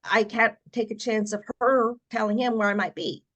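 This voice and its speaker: A middle-aged woman, a podcast guest, telling her personal story in a lively way and acting out what other people said. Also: fairly high pitch, normal speed, lo-fi sound. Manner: animated storyteller who acts out quoted voices.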